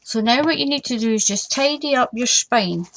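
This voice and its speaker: A woman's voice: a little high, normal speed, noisy background. An older woman, hosting a casual craft tutorial in a chatty way and repeating warnings with emphasis.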